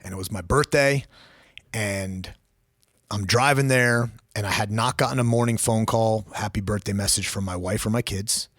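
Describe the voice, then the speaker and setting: Blunt low-voiced man telling his story. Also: moderate pace, a bit bright, no room sound, studio quality. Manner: raw, blunt, swears freely. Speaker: podcast guest, former law enforcement officer. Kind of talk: candid personal storytelling.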